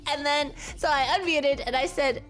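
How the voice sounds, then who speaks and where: Woman, high voice, livestream chat, laughs a lot, swears casually, faint music behind. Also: normal speed, fairly bright tone. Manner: chatty, greets chat, laughs and swears freely. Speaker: VTuber streamer.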